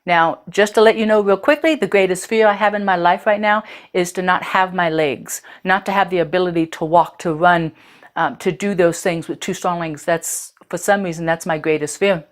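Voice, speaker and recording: A woman's voice: lowish voice, steady tone, normal speed. A woman host telling a personal story in a candid, earthy way, with casual swearing.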